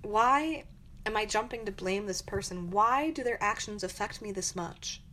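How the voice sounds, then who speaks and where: A woman's voice: mid-range voice, normal speed, pushed and bright. A young woman hosting her own podcast, giving earnest, encouraging advice in a reflective monologue. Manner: earnest, encouraging, acts out angry quotes. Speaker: podcast host.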